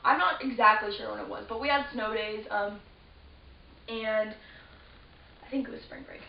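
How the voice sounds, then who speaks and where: A woman's voice: medium pitch, moderate pace, gravelly. A teenage girl telling a story to camera in a rambling, casual way, full of fillers and restarts. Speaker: vlogger. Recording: roomy, distant, dull lo-fi with faint hiss.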